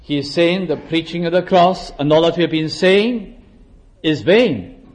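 A man preaching a sermon in a measured way, slowing down to stress scripture and sometimes clearing his throat. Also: a little high, lively intonation. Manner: occasional throat clearing and restarts. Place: church service.

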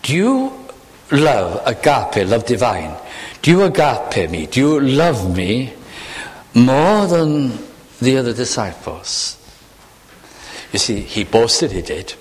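A male preacher giving a sermon, speaking in a searching, animated way and putting questions to the congregation. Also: mid-range voice, slow pace, long pauses, long reverb tail.

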